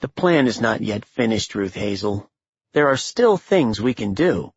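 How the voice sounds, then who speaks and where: A man reading an audiobook, voicing a silky, controlled male schemer who talks smoothly and without hurry, from a slightly dull recording. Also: on the low side, animated, dry recording, heavily acted. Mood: cool, menacing. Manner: smooth, controlled modulation, unhurried.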